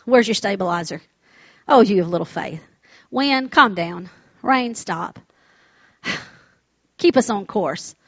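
A woman acting out a calm, steady male teacher who gives quiet, low-key commands. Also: a little slow, pauses often, dry recording, highs cut off, exaggerated voice.

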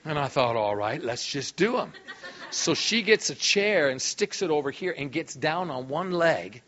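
A middle-aged man preaching in a church, telling healing stories with lively enthusiasm. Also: a little high, measured pace, lo-fi sound. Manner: animated, enthusiastic storyteller. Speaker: guest preacher. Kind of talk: sermon storytelling. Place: church hall.

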